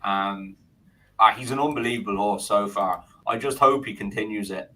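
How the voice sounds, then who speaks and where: A man co-hosting a betting podcast, relaxed and measured with plenty of hesitations. His voice is low yet bright in tone. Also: rough recording. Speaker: podcast co-host. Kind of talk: casual betting chat.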